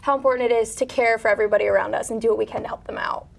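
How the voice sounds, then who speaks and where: Earnest high-voiced female telethon anchor. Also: fairly even intonation, very fast, gravelly, slight background noise. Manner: earnest, scripted. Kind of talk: live telethon hosting.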